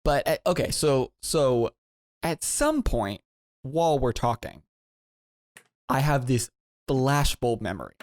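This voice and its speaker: A man tells a long, winding story on a podcast. He is animated and loose, often jumping into a high voice to quote people. The recording is dry and close, with no room sound. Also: slow, pauses often, no echo. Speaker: podcast co-host. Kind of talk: casual storytelling.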